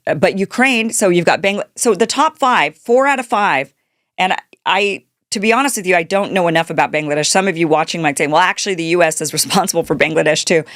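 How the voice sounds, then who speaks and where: Low-voiced woman hosting heated commentary. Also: dry recording, clean studio sound. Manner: indignant, rhetorical questions, frequent restarts. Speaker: political commentary show host. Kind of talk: unscripted political commentary monologue.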